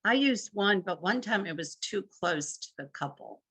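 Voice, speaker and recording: A woman's voice: medium pitch, animated, moderate pace, pushed and bright, breathy edge. A woman leading a live marriage workshop, coaching couples step by step and acting out example phrases.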